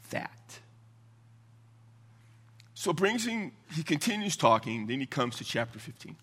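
Animated, bright-voiced male Baptist preacher. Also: medium pitch. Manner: emphatic, animated, chuckles between points. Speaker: Baptist pastor. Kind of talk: sermon teaching from scripture.

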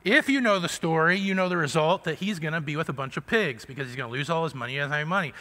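A man's voice: on the high side, racing, few pauses, sharp tone, in a large hall. A man preaching a sermon as pastor, talking to the congregation in a loose, conversational way and often checking in with "right?". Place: church sanctuary.

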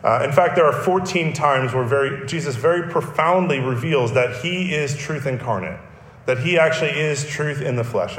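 A man's voice: a little high, a bit bright. Man preaching in a roomy hall. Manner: earnest teaching, emphatic repetition. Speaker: pastor. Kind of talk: sermon.

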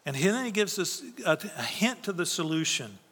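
A man's voice: high voice, very animated, normal speed, a bit bright, in a large hall. A man preaching a sermon as pastor, earnest and emphatic, often asking rhetorical questions and answering them.

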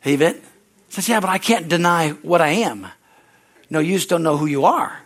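High-voiced fervent Southern pastor preaching. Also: male voice, expressive, normal speed, fairly bright tone. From Southern United States. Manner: fervent preaching with call-and-response asides. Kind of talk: sermon. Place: church service.

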